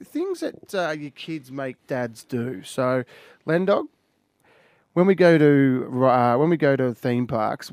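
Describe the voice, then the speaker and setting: An Australian man in his forties hosting a radio show, telling self-mocking stories in an animated, lively way. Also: fairly high pitch, no echo, studio quality. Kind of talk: casual radio chat.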